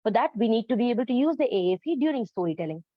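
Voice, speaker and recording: A woman's voice: fairly high pitch, expressive, rapid-fire, dry recording. A woman presenting an educational talk on storytelling, explaining earnestly with frequent ums and uhs. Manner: earnest, explanatory, many fillers. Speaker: presenter on storytelling for autistic children. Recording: dull, lo-fi, dry recording.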